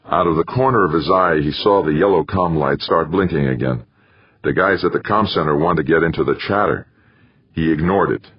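A man narrating an audiobook in a steady, measured reading. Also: rumbling low, husky, dry recording, highs cut off. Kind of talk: scripted narration.

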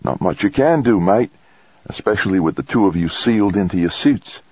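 A man voicing a tense female physician who asks brisk, clinical questions. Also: low-pitched, animated, dark tone, slightly rough, no room sound, dull audio, voice pushed up.

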